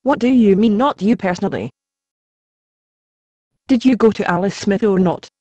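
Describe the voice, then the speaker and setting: A woman playing a defensive, quick-tempered young woman who questions sharply, in an amateur stage drama. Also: mid-range voice, dry recording, muffled recording, close to an everyday voice. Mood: demanding. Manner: sharp and demanding.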